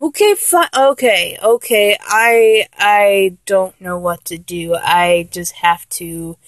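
A woman's voice: mid-range voice, takes it slowly, dry recording, lightly acted. A woman playing a flustered young lover who keeps trying and failing to act dominant, in a comedic audio role-play, talking in an exasperated, self-correcting way.

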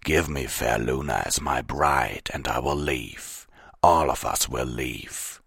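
A huge wolf king with a growling, menacing voice, deep and low, as a man puts him on. His speech stays dry and close, commanding and snarling, like a villain in an audiobook. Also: takes it slowly, gravelly, a bit bright, husky, dry recording, full character voice. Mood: scheming.

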